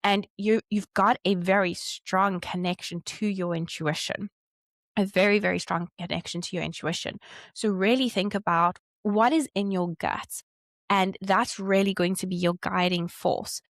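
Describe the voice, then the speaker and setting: A woman's voice: medium pitch, fairly even intonation, moderate pace, no room sound. Woman, chart reader and coach; encouraging, talks straight to the client, mid-range voice, dry close sound. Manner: warm, encouraging coaching tone, acting out quoted reactions. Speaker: Human Design chart reader. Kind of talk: one-on-one reading addressed to a client.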